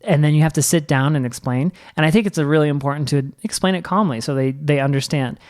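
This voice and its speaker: A young man co-hosting a parenting podcast, explaining his views in an earnest, calm way. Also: a little high, quick pace. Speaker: podcast co-host. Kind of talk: casual chat about parenting.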